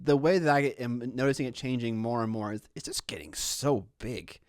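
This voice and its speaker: A man's voice: medium pitch, moderate pace, a little mellow, dry recording, studio quality. A man from the United States co-hosting a podcast, easygoing, swearing and laughing along. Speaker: podcast co-host. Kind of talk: casual chat.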